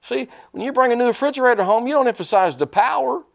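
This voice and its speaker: A man's voice: very high-pitched, fast talker, vocal fry. A male pastor preaching a sermon, asking the congregation questions and drawing responses. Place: church sanctuary.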